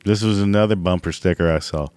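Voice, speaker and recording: Low-voiced guy ranting slow and crude, dry close mic. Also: darkish tone, clean tone, dry recording. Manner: crude, exasperated, laughs at his own jokes. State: voice cracking. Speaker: comedic ranter. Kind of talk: profane comedic rant.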